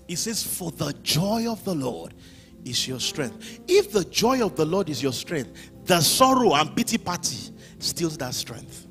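A man preaching a sermon as pastor, swinging from hushed lines to shouted ones. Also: high voice, lively intonation, measured pace, faint music behind.

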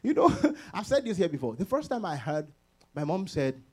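A man preaching a sermon as pastor, animated, laughing often and acting out quoted voices. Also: a little high, moderate pace, husky.

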